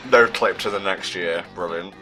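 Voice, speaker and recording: A man's voice: deep voice, normal speed, music in the background. A British man giving casual, sardonic commentary on a game he plays, often stumbling as he hunts for words. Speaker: let's play commentator.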